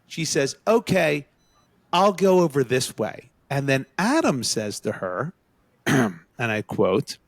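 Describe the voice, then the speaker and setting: A man's voice: takes it slowly, no echo. A man co-hosting a podcast, telling a story to friends in casual chat and acting out the quotes. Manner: animated, acts out quotes with rising pitch. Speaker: podcast co-host.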